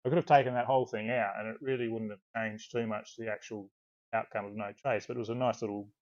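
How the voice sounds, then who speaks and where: An Australian author talking casually in an interview, a relaxed, rambling storyteller who swears now and then. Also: male voice, fairly low pitch, fast talker, muffled recording. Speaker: author guest. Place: video call.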